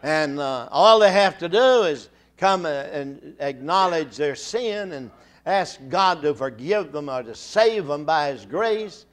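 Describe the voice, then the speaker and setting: An older man preaching a sermon, full of halting restarts and repeated words that build into fervent calls to the congregation. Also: a little high, lively intonation.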